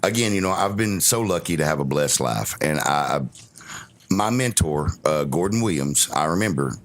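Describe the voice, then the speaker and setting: A man's voice: very deep voice, lively intonation, moderate pace. A man on a casual podcast telling a long, rambling anecdote and quoting his mentor in his own voice. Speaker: podcast guest of honor. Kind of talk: casual storytelling.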